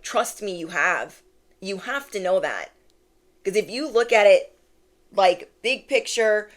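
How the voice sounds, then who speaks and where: Emphatic woman giving a spiritual reading. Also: medium pitch. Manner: emphatic, repeats phrases, playful slang. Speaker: intuitive tarot reader.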